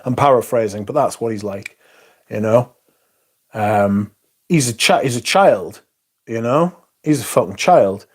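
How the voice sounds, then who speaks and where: A man's voice: mid-range voice, unhurried. A man hosting a livestream, ranting casually with heavy swearing and rambling asides. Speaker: livestream host.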